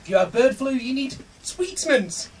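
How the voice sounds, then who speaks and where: The emcee of this comedy night has an extremely high voice with big pitch swings and a moderate pace, in a very noisy recording. He cracks bad jokes, laughs at them himself, swears and pokes fun at himself, with a distant mic and a loud crowd.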